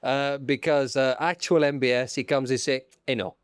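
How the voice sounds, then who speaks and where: A man's voice: medium pitch, steady tone, normal speed, clear, resonant tone, no room sound, clean studio sound, close to an everyday voice. A man putting on a pompous Italian racing boss. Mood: mock-pompous. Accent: put-on Italian, broken English. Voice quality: pompous, broken grammar, mock-official. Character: pompous sexist Italian motorsport boss, male, middle-aged. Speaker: podcast host.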